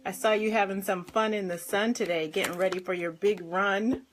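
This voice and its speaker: A woman life and health coach on a live stream, bubbly and effusive, warmly greeting viewers by name and laughing often. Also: mid-range voice, fairly even intonation, normal speed, slight background noise.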